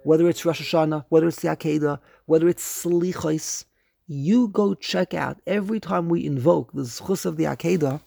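A man teaching a religious class to a group, emphatic and animated, slowly chanting quoted verses and asking pointed questions. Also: fairly high pitch, creaky. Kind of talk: religious study lecture.

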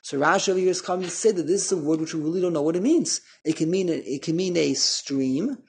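A man's voice: fairly high pitch, animated, fast, vocal fry, husky. A man teaching a line-by-line text study. He reads passages with a pronunciation, explains them in English, and often stops to repeat words. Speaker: Torah teacher.

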